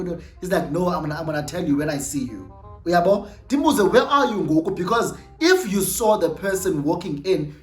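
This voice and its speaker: A young South African woman with a Xhosa-flavoured accent, casually telling an animated story and switching between English and Xhosa. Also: lowish voice, echoey room. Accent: South African, mixing in Xhosa. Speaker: storytime vlogger.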